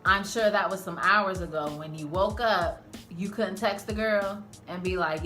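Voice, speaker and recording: A woman's voice: mid-range voice, unhurried, soft background music. A woman giving a casual, slangy, profane recap of a TV episode as a channel host. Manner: animated, slangy, profane storytelling. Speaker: TV show reviewer.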